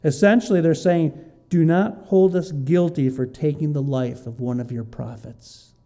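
A man reading Bible verses aloud and explaining them in a lively, conversational teaching style. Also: a little high, normal speed. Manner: reads scripture aloud, then explains it with lively asides.

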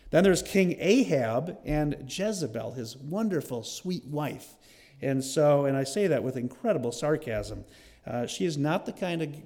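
Emphatic preacher man with a higher voice. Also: a little mellow. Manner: emphatic, repetitive lists, conversational asides. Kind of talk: sermon.

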